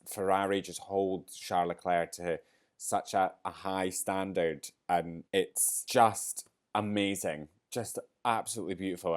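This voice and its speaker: A man hosting a podcast, chatting casually and excitably through a race review, rambling and getting teary and choked up along the way. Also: deep voice. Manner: excitable, rambling, gets emotional. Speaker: podcast host.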